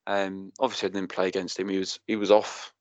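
A man's voice: deep voice, fairly quick, no echo, muffled recording. A Welsh man in his thirties co-hosting a casual football podcast, talking in an emotional, rambling way. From Wales. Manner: emotional, rambling, animated storytelling. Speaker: podcast co-host.

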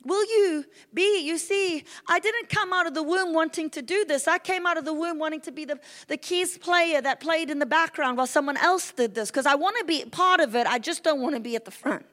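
A woman delivers a sermon in a high, bright-toned voice. She preaches with fervent intensity, pushing hard on big declarations and pulling back to a hushed, confessional tone. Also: a little fast, hardly any pauses. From South Africa. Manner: intense, fervent preaching that swings between loud and quiet.

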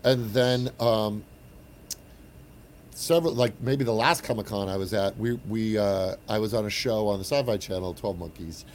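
Animated male actor telling stories. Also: on the low side, moderate pace, a little hiss or hum. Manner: animated storyteller, frequent restarts. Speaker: actor and guest. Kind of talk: casual chat, anecdote.

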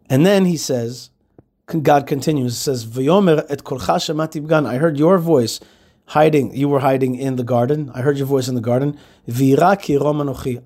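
A man's voice: medium pitch, a little mellow. A man hosting a show, teaching scripture in a loose, conversational way with frequent fillers and restarts. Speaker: radio show host.

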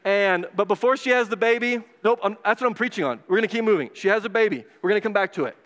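A man gives an animated, digressive sermon in a church and acts out the voices as he tells the story. His voice sits a little high, and a long hall reverb trails behind every line. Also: quick pace. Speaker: pastor. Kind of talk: casual sermon retelling.

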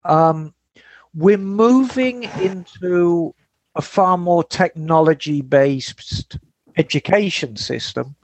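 High-voiced man hosting a casual chat. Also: slow pace, dry recording. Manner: relaxed, rambling, reads listener emails. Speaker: podcast host.

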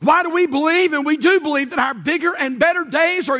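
High, bright-voiced preacher man. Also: brisk, few pauses. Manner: impassioned, shouting with rhythmic repetition. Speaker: pastor. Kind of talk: sermon.

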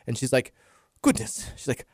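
A man's voice: medium pitch, fast talker, fairly bright tone, dry recording, studio quality. A middle-aged man from Kentucky with a subtle Southern accent, co-hosting a radio show and rambling through stories with lots of restarts. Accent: Southern American, subtle. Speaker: radio co-host. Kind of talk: casual chat.

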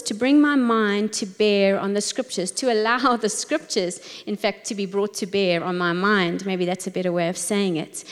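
A woman giving a devotional teaching in a slow, gentle, reflective way, pondering each word. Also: on the high side, in a large hall. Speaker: Bible teacher.

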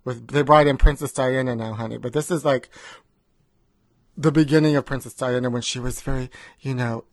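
A man's voice: mid-range voice, fairly even intonation, moderate pace, no room sound. A man co-hosting a comedy podcast from home, chatting in a campy, gossipy way and calling his co-host honey. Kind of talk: casual comedic chat. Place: recording remotely.

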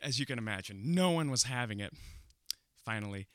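A young man telling a funny personal story to an audience, animated and often breaking into laughter as he builds the tension. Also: medium pitch, fast.

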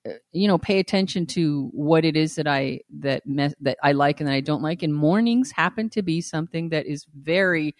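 A woman's voice: sits low, normal speed, dry recording, studio quality. A woman hosting a podcast in casual, candid chat, frank and blunt and often laughing. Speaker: podcast host.

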